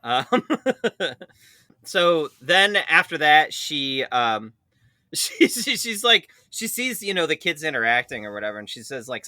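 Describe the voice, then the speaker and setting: A man in his thirties co-hosting a podcast, telling a story with a very bright, ringing voice and a lively pitch that jumps around. He laughs often and swears freely, and the sound is dry and close to the mic. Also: unhurried, no room sound. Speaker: podcast co-host. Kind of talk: casual podcast chat.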